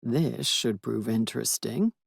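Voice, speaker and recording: A woman voicing a sardonic woman with a Southern US accent who talks in a dry, deadpan mutter. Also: rumbling low, unhurried, dry recording, heavily acted.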